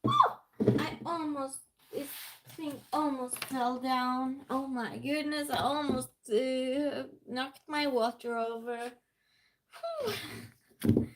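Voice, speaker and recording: A woman's voice: sits high, slow, pauses often. A woman hosting a casual live-stream game night, chatting, laughing often and greeting viewers by name from her desk at home.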